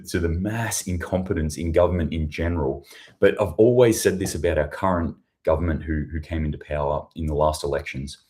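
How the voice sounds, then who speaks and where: Deep-voiced sarcastic Australian man. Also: normal speed, mellow. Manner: sarcastic, rambling, swears freely. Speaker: prepping news show host. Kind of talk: casual livestream commentary. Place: hotel room.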